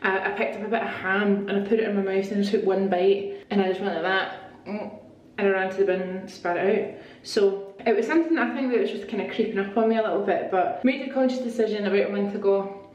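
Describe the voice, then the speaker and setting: A woman's voice: medium pitch, quick pace, few pauses, highs cut off. Chatty woman vlogging in an echoey room. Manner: chatty, excitable, rambling asides. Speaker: beauty vlogger. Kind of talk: casual vlog chat. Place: at home, part of it in her bathroom. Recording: echoey room with faint ambience.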